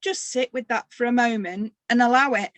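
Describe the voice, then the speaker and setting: A tired woman leading a guided meditation workshop, talking gently with long pauses. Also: fairly high pitch, no room sound. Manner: slow, gentle guiding with pauses. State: tired, occasional coughing. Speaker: workshop leader.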